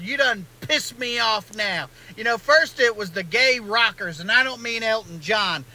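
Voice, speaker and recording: A comedian plays a fed-up Southern good ol' boy with a very high, strikingly bright voice. He rants in a folksy drawl, indignant and aggrieved, like a satirical online video clip. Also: exaggerated voice, low-quality recording. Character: grumbling Southern man mourning his restaurant.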